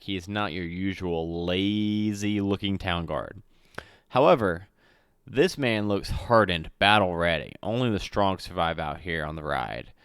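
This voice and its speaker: A man with a low-sitting, fairly bright, clean voice reads a solo adventure aloud as game master at normal speed, recorded in clean studio sound with no room noise. He often stumbles and corrects himself, dropping in chatty asides.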